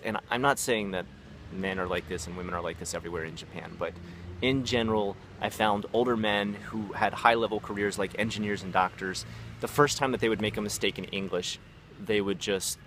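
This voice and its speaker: A man with a low voice tells stories in a loose, rambling vlog, full of fillers. He acts out the people in his stories in quick asides. Faint traffic hums in the background. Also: fairly bright tone. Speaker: vlogger, former English teacher. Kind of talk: casual storytelling vlog.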